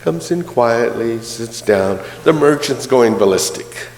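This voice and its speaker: A man's voice: mid-range voice, expressive, unhurried, a little mellow, slight background noise. A male minister giving a sermon in a conversational, storytelling way with light humor. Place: church. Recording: roomy church hall reverb.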